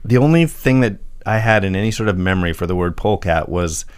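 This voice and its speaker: A man's voice: deep voice, expressive, fast, clean tone, no room sound. A man co-hosting a casual podcast, explaining word origins from his notes and laughing often. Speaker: podcast co-host.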